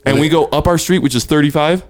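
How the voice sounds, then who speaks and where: A man's voice: fairly high pitch, fast. A man in casual chat, telling a long anecdote on a podcast and laughing often as he rambles.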